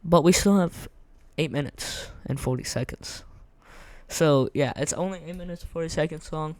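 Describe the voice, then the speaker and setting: A young man giving casual, rambling gameplay commentary, his voice going hoarse, slangy and repeating himself. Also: fairly high pitch, normal speed, darkish tone, dry recording. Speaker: gaming content creator.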